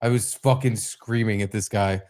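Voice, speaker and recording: A young man co-hosting a podcast, telling a story with lots of swearing and animated bursts. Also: on the low side, normal speed. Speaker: podcast co-host. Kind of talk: casual podcast chat.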